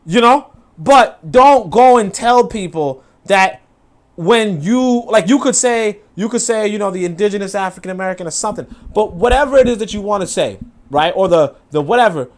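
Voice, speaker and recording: A man hosting a casual livestream, reacting to a video and chat with profane, animated talk, laughing asides and lots of fillers. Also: high voice, moderate pace.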